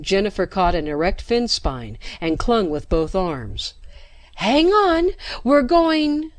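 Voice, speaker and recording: A woman narrating a science fiction story with steady, dramatic pacing into a close mic. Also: sits low, no room sound. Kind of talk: scripted narration.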